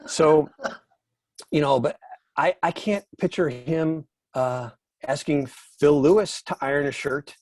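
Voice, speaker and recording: A man's voice: a little high, slow, darkish tone, no echo. A man, a guest musician, telling rambling, self-deprecating stories in a casual interview.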